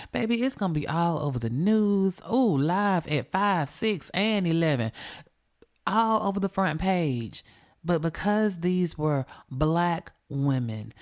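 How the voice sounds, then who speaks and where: A woman's voice: on the low side, a little mellow. A woman hosting a true crime podcast, telling the story in a profane, emphatic, conversational way and talking straight to her listeners. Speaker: podcast host.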